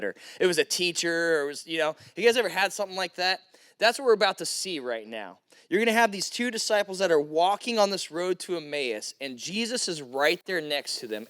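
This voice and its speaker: Animated man preaching to youth. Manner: animated, acts out quoted voices with big pitch jumps. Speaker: youth pastor. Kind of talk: youth sermon with storytelling.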